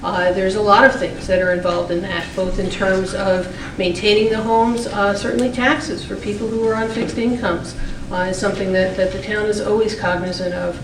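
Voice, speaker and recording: A woman running for town board, answering in a measured way with frequent fillers. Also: medium pitch, steady tone. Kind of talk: unscripted forum answer. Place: public meeting hall. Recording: roomy hall, far from mic, noisy.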